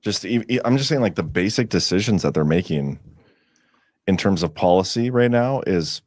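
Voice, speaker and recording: Deep-voiced man hosting a podcast. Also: lively intonation, moderate pace, a little mellow, no echo, studio quality. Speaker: podcast host. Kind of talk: casual chat.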